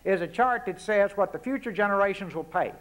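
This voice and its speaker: A guest speaker with a Texas accent and a high, fairly quick voice addresses an audience at a forum. The speech is political and folksy, driven by punchy rhetorical questions and frequent asides.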